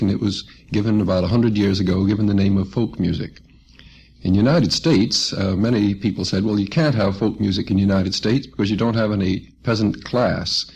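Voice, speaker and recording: Gravelly folksy man on old radio. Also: on the low side, a little mellow. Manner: folksy, acts out quoted voices. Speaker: folk musician guest. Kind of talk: relaxed storytelling radio interview. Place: radio studio. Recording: muffled old radio recording.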